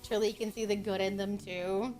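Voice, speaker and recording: A woman's voice: mid-range voice, fairly even intonation, fast talker. A woman streaming a video game, chatting casually with her viewers, playful and teasing, swearing often. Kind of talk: casual gameplay stream chat. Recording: game music behind.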